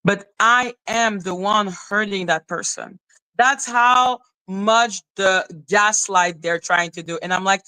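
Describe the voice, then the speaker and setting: A woman's voice: mid-range voice, slow pace, bright, forceful tone, clear, resonant tone, no room sound. A woman ranting on a livestream, heated and profane, who often repeats herself. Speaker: live streamer. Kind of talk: angry livestream rant.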